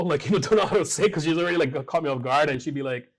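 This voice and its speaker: A man from Hawaii, a fashion designer, chatting casually on a panel and telling animated stories with lots of fillers. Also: fairly high pitch, rapid-fire. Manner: animated storytelling, many fillers.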